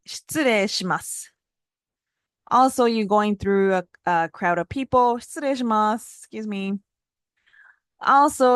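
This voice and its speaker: A woman teaching phrases in a casual spoken lesson, modeling words with lively jumps in pitch. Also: no room sound, clean studio sound. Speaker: Japanese language teacher.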